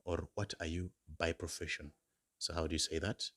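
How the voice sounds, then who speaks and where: A man teaching beginner German phrases in English, slowly modelling each phrase and repeating words for learners. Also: very deep voice, little pitch movement, fairly bright tone. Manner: slow, drawn-out modelling of example phrases. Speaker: German language tutor.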